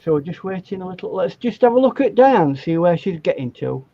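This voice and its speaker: A man's voice: sits high, very animated, brisk, no room sound, muffled recording. A man teaching a painting demonstration over a video call, instructive and stammering as he starts sentences. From England. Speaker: art instructor.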